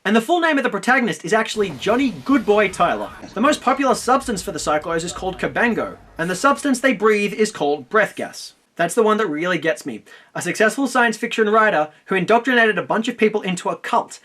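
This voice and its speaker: A male film reviewer reading a scripted commentary, full of sarcasm and mockery. He speaks quickly in a fairly high voice. A faint hiss sits under the recording. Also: animated, a bit bright. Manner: sarcastic, mocking.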